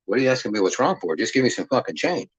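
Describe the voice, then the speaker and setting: A man quoting a pushy old male street scammer in a gruff, indignant tone. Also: medium pitch, sing-song, very fast.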